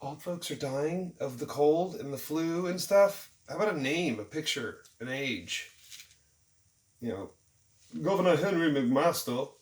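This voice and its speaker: A man's voice: a little high, lively intonation, a little slow. A man, ranting about the news in a mocking, irritated vlog with jokey asides. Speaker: vlogger. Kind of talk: sarcastic news commentary rant. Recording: roomy, distant from the mic.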